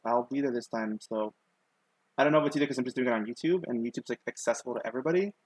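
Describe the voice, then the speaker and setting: A man's voice: mid-range voice, no echo, low-quality recording. A young man with a lisp, chatting casually and rambling self-consciously on a live stream, with many ums and likes. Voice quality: lisp on his S sounds.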